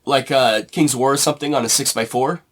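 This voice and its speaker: A man co-hosting a podcast in casual chat, reacting quickly and laughing easily. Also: mid-range voice, fairly even intonation, a bit bright. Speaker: podcast co-host.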